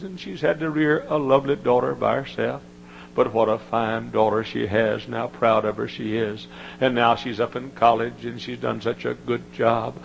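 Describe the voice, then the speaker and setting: A male preacher with a gravelly, creaky voice delivers a sermon with emphatic repetition. He drops to a hush, then climbs to shouting. A faint hum sits under the recording. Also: mid-range voice, muffled recording. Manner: dramatic swings from hushed to shouting.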